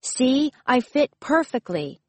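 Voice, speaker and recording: A woman reading a storybook who voices a proud, impatient male tiger that shouts his lines. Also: sits high, very animated, slow, no echo, voice pushed up, full character voice. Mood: boastful.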